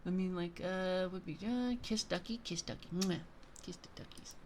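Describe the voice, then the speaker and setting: A young woman streaming and chatting casually as a VTuber, excitable and rambling, often giggling. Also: lowish voice, moderate pace, slight background noise.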